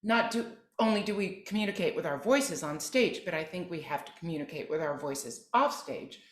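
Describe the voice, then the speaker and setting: A woman's voice: fairly low pitch, lively intonation, normal speed. A woman opera soprano, a guest on a podcast, earnestly giving advice in conversation. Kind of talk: interview conversation. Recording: roomy echo.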